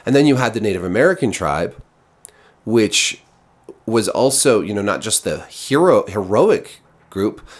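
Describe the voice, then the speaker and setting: Brief: frustrated male critic with a lowish voice, rambling through a casual review. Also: sing-song, unhurried. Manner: exasperated, rambling, frequent restarts. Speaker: TV show reviewer.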